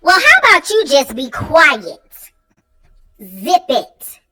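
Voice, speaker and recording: Woman putting on a shrill, weepy diva. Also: expressive, slow, bright, forceful tone, exaggerated voice, low-quality recording. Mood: snippy. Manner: snippy, then sobbing and whiny. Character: tearful defensive woman, snippy and dramatic.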